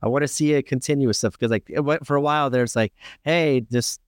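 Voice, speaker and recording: A man's voice: mid-range voice, quick pace, no echo, clean studio sound. A man co-hosting a podcast in easygoing casual chat. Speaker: podcast co-host.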